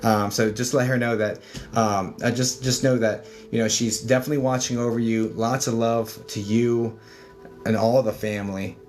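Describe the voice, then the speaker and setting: A man's voice: medium pitch, fairly even intonation, normal speed, darkish tone, soft background music. A man working as a psychic medium, giving a chatty livestream spirit reading full of fillers and calling people darling.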